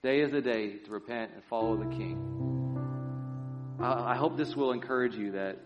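A male pastor preaching a sermon in a church, swinging between loud, impassioned lines and hushed, quiet ones. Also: mid-range voice, moderate pace, muffled recording, over loud music.

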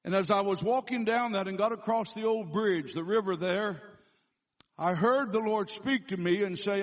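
A man preaching as a guest speaker, telling a story with frequent restarts and self-corrections, slowing down to stress scripture. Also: high-pitched. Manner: slows down for emphatic scripture quotes. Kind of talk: sermon.

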